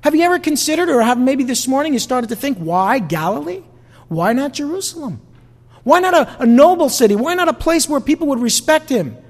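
Animated preacher with a New York accent. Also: male voice, very high voice, fairly quick, long reverb tail. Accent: New York-New Jersey. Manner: conversational preaching with rhetorical questions to the congregation. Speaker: pastor. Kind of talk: sermon.

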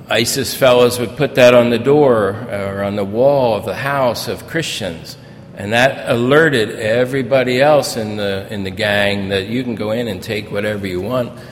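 An older man preaching as a pastor, telling personal stories in a folksy, storytelling way that grows animated in places. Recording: reverberant hall with faint rumble.

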